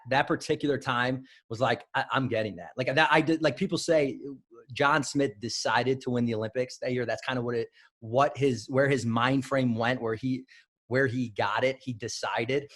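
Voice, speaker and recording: A man's voice: medium pitch, fairly bright tone. A man from Illinois, a wrestling coach, telling stories as a podcast guest and often restarting his sentences. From Illinois, United States. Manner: rambling, self-correcting storyteller. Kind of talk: casual interview.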